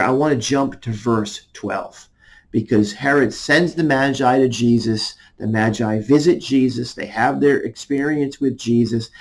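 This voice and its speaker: A man's voice: mid-range voice, darkish tone, rough recording. A man, an army chaplain, giving a conversational devotional message and reading scripture passages aloud.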